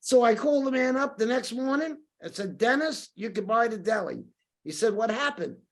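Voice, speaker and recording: A man's voice: extremely high pitch, moderate pace. Older New man telling stories. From New York. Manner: lively anecdotal storyteller, acts out quoted dialogue. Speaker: podcast guest. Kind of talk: casual storytelling interview.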